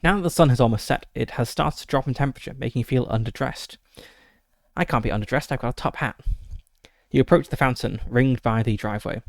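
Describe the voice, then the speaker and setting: A man's voice: medium pitch, quick pace, creaky, dry recording, clean studio sound. A man streaming a solo tabletop game, reading the gamebook aloud with frequent fillers and short asides.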